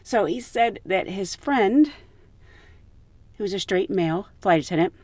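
A woman hosts a podcast and tells her stories with a lively, swooping voice. She laughs as she goes. The sound is close and dry, with no room around her. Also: medium pitch, a little slow, no room sound. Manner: animated, laughs often while telling stories. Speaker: podcast host. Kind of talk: casual storytelling.

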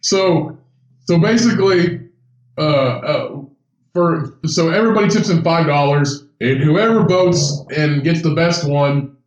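A man with a high voice tells a story on a casual podcast, laughing, swearing and climbing into shouts. He sits off-mic in an echoey room, so the voice sounds distant. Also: measured pace, lo-fi sound. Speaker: podcast co-host. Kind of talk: casual chat.

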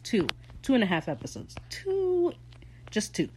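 Excitable low-voiced young woman recapping. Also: fast, noisy background. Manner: excitable, swears freely, laughs often. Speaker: show recap host. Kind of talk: casual episode recap.

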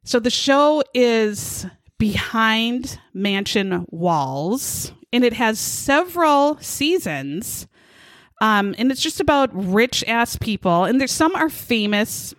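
A woman co-hosting a chat podcast, her pitch swinging widely as she jokes around with crude humor. She is recorded close and dry on a podcast mic. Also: very animated, slow pace, no room sound. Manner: chatty, jokey and crude, laughs often. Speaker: podcast co-host.

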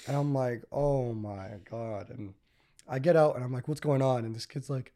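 A man's voice: mid-range voice, steady tone, brisk, warm tone. A man, hosting a casual podcast and telling stories in a rambling way, full of "like" and "you know". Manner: rambling storyteller, many fillers like "like" and "you know". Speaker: podcast host.

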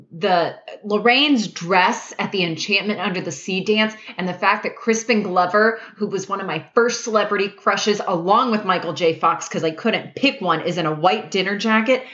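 Gushing lower-voiced woman co-host. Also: a bit bright, muffled recording. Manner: enthusiastic, gushing, laughs often. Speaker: podcast co-host. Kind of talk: casual chat.

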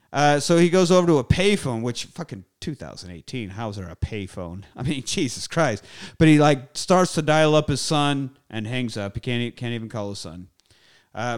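A man talks through a film's plot in a loose, profane, animated rant. His voice is smooth and clean, and he keeps things casual. He sounds like a podcast host recapping for his co-hosts. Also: medium pitch.

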